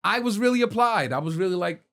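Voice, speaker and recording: A man in casual podcast chat, telling animated, profane stories about school. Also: sits high, fast. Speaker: podcast co-host.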